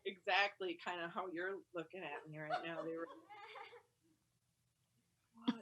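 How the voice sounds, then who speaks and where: A woman doing stand-up from home over a video call, rambling and chatty with lots of "like", breaking into loud yelled quotes. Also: fairly low pitch, fairly even intonation, brisk, slight background noise. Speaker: stand-up comedian.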